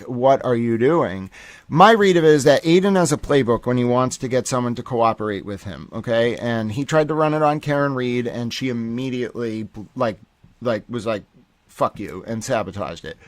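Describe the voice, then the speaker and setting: A man's voice: mid-range voice, no echo. A man giving casual, emphatic commentary on a stream, swearing often and using many fillers.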